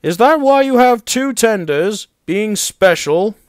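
A man's voice: high-pitched, expressive, slow, smooth, no room sound, studio quality, pitched above the performer's own voice. A man voicing a proud, pompous big male steam engine who talks in a haughty, huffy way.

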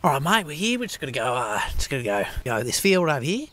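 A man's voice: fairly high pitch, very animated, fast talker, pushed and bright, full character voice. A man voicing a brash, gun-loving Australian bloke in an adult cartoon, swearing constantly in a blunt, matey way, with an Australian accent. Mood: boastful.

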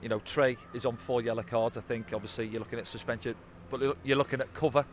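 Quick talking football pundit guy, chatty, lots of "didn't they", faint traffic behind. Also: mid-range voice, fairly even intonation. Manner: conversational, tag questions like "didn't they?". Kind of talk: post-match analysis chat. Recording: faint outdoor traffic noise.

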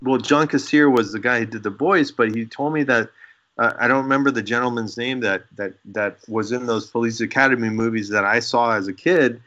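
Male podcast guest, animated anecdote-teller, mid-pitched, dry dull recording. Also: a little fast, dry recording. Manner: animated storyteller acting out quoted dialogue. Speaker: guest special effects makeup artist. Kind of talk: casual podcast chat.

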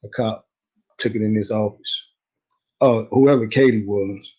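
A man's voice: on the low side, fairly even intonation, measured pace, warm tone, breathy edge, rough recording. A young man telling a story in a casual interview, slangy and rambling, laughing easily. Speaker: guest telling his story.

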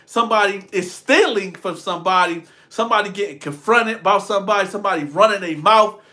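High, bright-voiced man telling a story. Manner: animated, addresses viewers directly. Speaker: storytelling vlogger. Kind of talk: casual storytime.

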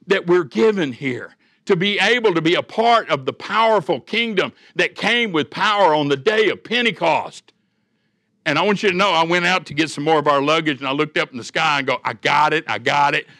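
A man's voice: sits high, sharp tone, no echo, studio quality. An older man, preaching a sermon as a church elder, with folksy storytelling and homespun humor.

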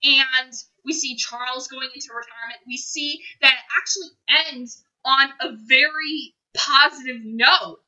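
A young woman talks through a film review in a high, very bright voice. She gushes, repeats her phrases and sounds close to tears at times. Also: steady tone, measured pace, hardly any pauses, highs cut off. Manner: gushing, emotional, repeats phrases. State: choked up, near tears. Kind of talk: casual spoiler review monologue.

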